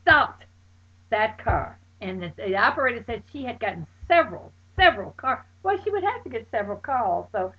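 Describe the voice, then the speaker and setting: A woman telling a story about her night out, bursting into loud exclamations and acting out her friends' voices. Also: a little high, very animated, moderate pace, slightly rough. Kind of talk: animated personal anecdote. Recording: dull lo-fi recording.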